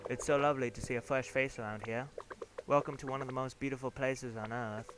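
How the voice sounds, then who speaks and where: A man's voice: mid-range voice, fairly even intonation, fast, lightly acted. A man voicing a cheerful, chatty pregnant woman in a video game, with game music behind. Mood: welcoming. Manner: warm, chatty, welcoming.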